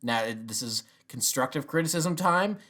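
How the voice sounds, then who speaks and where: A man voicing a male armored warrior who calmly chairs a group meeting. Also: medium pitch, normal speed. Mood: patient.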